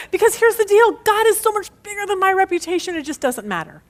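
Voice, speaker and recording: A middle-aged woman leading a women's Bible study, chatty and animated, laughing at herself as she teaches. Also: very high voice, quick pace, few pauses.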